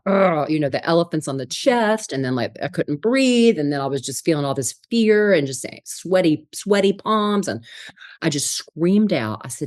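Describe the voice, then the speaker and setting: Low-voiced animated woman telling stories. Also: no echo, studio quality. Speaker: interview guest, spiritual psychologist. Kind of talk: storytelling interview.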